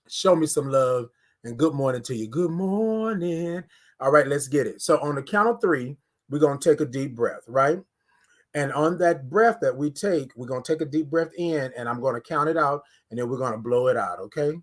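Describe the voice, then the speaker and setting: A man hosting a casual live morning stream, talking straight to his viewers with lots of repetition and leading them in breathing. He is recorded indoors on a camera held close to his face. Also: medium pitch. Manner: energetic, talks straight to viewers, repeats phrases. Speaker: morning livestream host. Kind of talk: casual livestream talk with guided breathing. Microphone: phone or webcam close to face.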